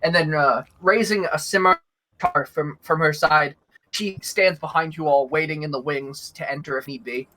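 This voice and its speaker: A man's voice: on the high side, steady tone, moderate pace, background noise. A man narrating as game master of a tabletop game, casual and full of fillers.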